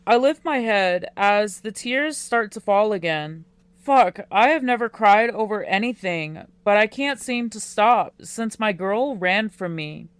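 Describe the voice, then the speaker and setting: A woman narrating a first-person teen romance audiobook in a quiet, unhurried way. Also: mid-range voice, clear, resonant tone, dry recording.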